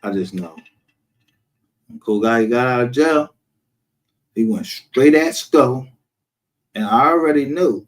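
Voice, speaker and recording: A man holds forth on a casual livestream, brash and profane. His voice sits at an ordinary middle pitch, and he breaks into laughter often between his points. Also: lively intonation, slow pace, long pauses. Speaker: livestream host.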